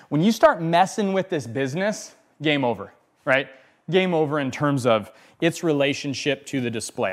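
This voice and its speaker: Animated man teaching bonsai display. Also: on the high side. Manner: animated, repeats phrases, checks in with "okay?" and "right?". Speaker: bonsai instructor. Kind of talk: hands-on demonstration talk.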